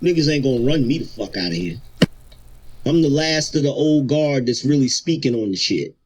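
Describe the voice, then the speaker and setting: A man's voice: mid-range voice, animated, moderate pace, a little hiss or hum. A man streaming, boasting in a defiant rant, heard in a played clip.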